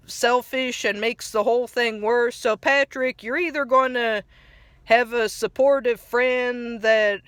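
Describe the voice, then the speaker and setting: A woman's voice: fairly high pitch, no room sound. A woman casually reviewing a cartoon episode on a phone mic, rambling with restarts and chuckling at her own asides.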